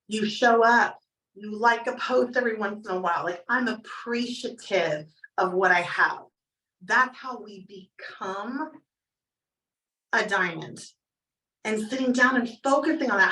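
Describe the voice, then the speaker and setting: Canadian woman hyping up a crowd, bright voice, kinda far off the mic in an echoey room. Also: mid-range voice. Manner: energetic, storytelling, acts out quotes. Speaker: motivational speaker. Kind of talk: motivational talk to an audience.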